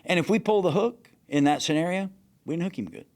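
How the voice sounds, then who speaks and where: Man, fishing captain, animated storyteller, shouts out quoted lines, casual and profane. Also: high-pitched, quick pace. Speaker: fishing captain, podcast guest.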